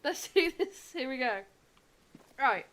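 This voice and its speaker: A woman's voice: high-pitched, big pitch swings, takes it slowly, fairly bright tone. A young adult woman streaming a game, chatting casually with a giggly, effusive and rambling manner. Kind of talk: casual gameplay livestream chat.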